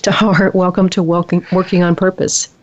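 A woman's voice: fairly low pitch, level tone, moderate pace. Chatty woman hosting a radio show. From United States. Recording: muffled lo-fi broadcast audio.

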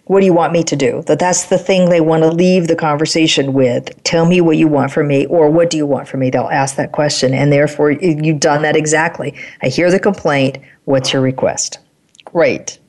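Female host, low voice, affirming, recaps the guest's ideas. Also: fairly even intonation, normal speed, darkish tone. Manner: affirming, sums up the guest's points. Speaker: interview host. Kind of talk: interview.

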